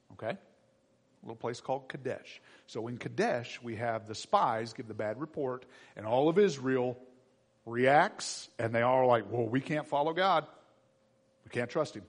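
A male pastor preaching a sermon in an animated way, acting out quoted voices. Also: mid-range voice, slightly rough.

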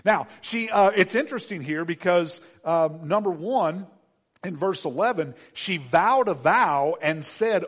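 Chatty joking preacher, a bit high. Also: male voice, lively intonation, measured pace. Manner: conversational and joking, with frequent fillers and restarts. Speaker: pastor. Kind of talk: sermon.

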